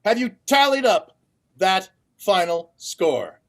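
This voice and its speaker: A man refereeing an online improv comedy match, chatty and quick to rule on the jokes, speaking over a video call. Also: sits high, very animated, gravelly, a bit bright. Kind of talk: casual show hosting.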